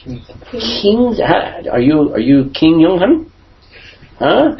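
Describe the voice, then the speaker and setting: Lively questioning man teaching a Bible class. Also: on the high side, extremely slow. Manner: asks the class questions, lively emphatic delivery. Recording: dull lo-fi recording.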